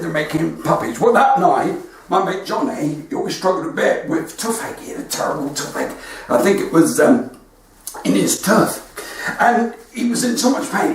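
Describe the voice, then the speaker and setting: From his front room, a high-voiced stand-up comedian with a West Country English accent livestreams chatty storytelling, acting out dialogue in quotes. The sound is very echoey, with a distant mic and a faint noise floor.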